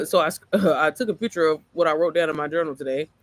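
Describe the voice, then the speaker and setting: Woman, raspy-tired voice, casual motivational livestream, rambling and profane, dry close sound. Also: low-pitched, fairly quick, no room sound. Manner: rambling, easily sidetracked, profane and chatty. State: voice worn, a bit hoarse. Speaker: mom entrepreneur livestreamer.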